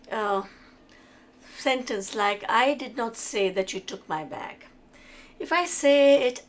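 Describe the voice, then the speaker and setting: A middle-aged woman, giving a conversational lecture. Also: high-pitched. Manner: conversational, with restarts and examples. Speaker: lecturer on autism.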